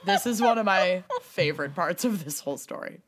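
A woman's voice: lowish voice, a little fast. A woman co-hosting a casual true-crime podcast, reading from her notes and laughing as she tells the story. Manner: animated storyteller, laughs while reading quotes. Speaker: podcast co-host.

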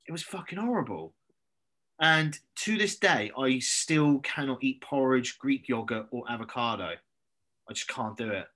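A man from southern England, a podcast guest, telling stories in a blunt, sweary, animated way during a casual chat. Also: mid-range voice, normal speed. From Andover, southern England.

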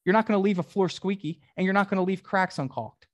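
A man with a fairly high voice runs a one-on-one sales coaching session. He talks directly and with emphasis, pressing his trainee with questions. The sound is dry and close. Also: quick pace, dry recording. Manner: direct, emphatic, acts out customer dialogues.

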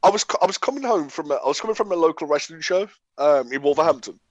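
A man, telling stories in a casual chat, animated and laughing often. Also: fairly high pitch, fast, dry recording, highs cut off. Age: 20s. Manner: animated storyteller, laughs often, acts out quotes.

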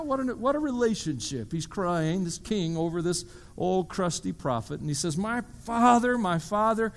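A man's voice: sits high, fairly bright tone. A man preaching a sermon to a congregation, telling a story vividly and dropping joking asides. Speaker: pastor.

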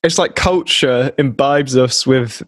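A man in casual chat, explaining ideas in a measured way. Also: mid-range voice, dry recording.

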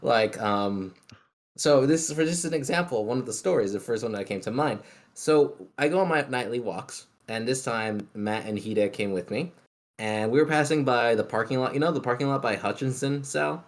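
A young man joins from an online call and tells a loose, rambling story full of swearing. His voice sits at an ordinary middle pitch for a man. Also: moderate pace. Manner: rambling anecdote teller, swears, does loud yelling voices. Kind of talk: casual chat with friends.

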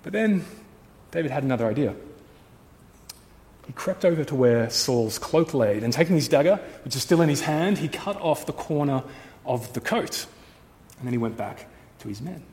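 A pastor telling a story in a sermon, dramatic, shifting from hushed to loud. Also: male voice, medium pitch, lively intonation, normal speed, long reverb tail.

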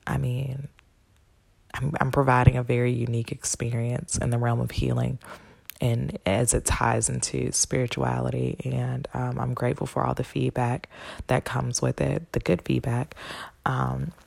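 Deep gravelly-voiced woman podcaster. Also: level tone, normal speed, a little mellow, dry recording. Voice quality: gravelly low voice. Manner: candid, chatty, swears freely. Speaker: podcast host and spiritual healer. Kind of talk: casual solo podcast monologue.

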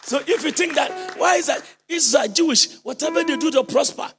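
A man preaching a sermon with fervor, leading the congregation in responses and breaking into shouted and sung phrases. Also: very high voice, brisk, over music.

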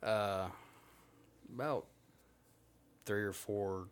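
A man's voice: fairly low pitch, steady tone, drawn-out words, clean tone. Profane man telling a story. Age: 30s. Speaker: podcast guest. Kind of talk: casual storytelling.

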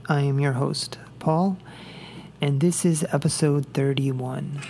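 A man's voice: on the high side, fairly even intonation, slow, creaky, dark tone, faint music behind. A man hosting his own podcast, delivering a blunt, profane solo rant full of fillers like "um" and "like". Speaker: podcast host. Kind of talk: casual solo podcast monologue. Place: the show is made in Dallas, Texas.

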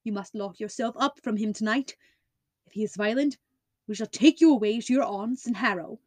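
A woman voicing a calm, commanding male detective who speaks in a measured, low and deliberate way in a storybook reading. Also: no room sound, natural voice.

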